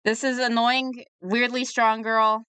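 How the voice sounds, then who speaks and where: A woman's voice: a little high, level tone, takes it slowly, sharp tone, smooth, no echo. A young woman reviewing a webcomic in casual, sarcastic commentary, a little tipsy from drinking. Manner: chatty and sarcastic, riffing on the comic.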